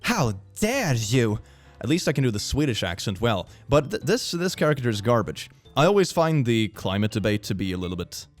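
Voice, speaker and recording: A young man reacting to posts with sarcasm and running puns, his pitch swooping widely as he talks. He laughs easily and shifts between mock outrage and thoughtful asides. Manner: sarcastic, quick to laugh, punning. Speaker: reaction commentator. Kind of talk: casual reaction commentary.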